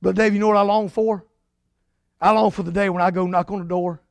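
A man preaching a sermon as pastor, emphatic, swinging from loud declarations to hushed lines. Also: sits high, fairly even intonation, brisk, vocal fry, smooth, no echo, studio quality.

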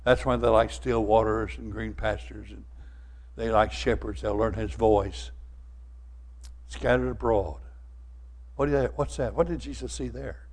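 A man's voice: lowish voice, steady tone, a little slow, pauses often. Fervent older preacher man. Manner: fervent preaching that swells louder, with repeated words. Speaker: pastor. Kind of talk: sermon.

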